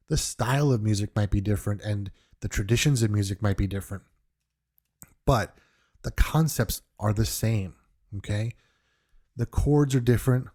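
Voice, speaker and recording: A New York man hosts a podcast, speaking in a fairly low, dark voice. His unscripted monologue is earnest and reflective, and he often restarts his sentences.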